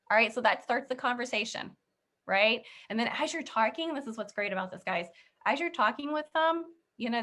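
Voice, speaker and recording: Chatty woman with a higher voice. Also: fairly bright tone. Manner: chatty, keeps checking in with "okay?" and "right?"; laughs easily. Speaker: sales team trainer. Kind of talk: casual training talk.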